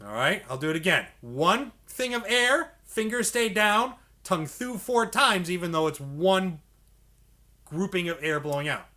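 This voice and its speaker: Male sax teacher, high animated voice, patient step-by-step coaching. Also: measured pace, soft background music. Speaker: saxophone teacher. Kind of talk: instructional explanation for beginners.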